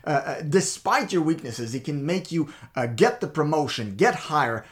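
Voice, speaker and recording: Male co-host of a faith talk show. Animated and emphatic, with frequent restarts. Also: a little high, normal speed. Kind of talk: faith talk with personal stories.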